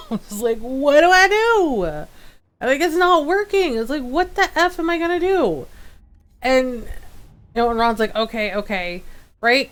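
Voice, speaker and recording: A woman streamer chatting casually while gaming, telling a story with lively quoted outbursts and frequent laughter. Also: medium pitch, clean tone.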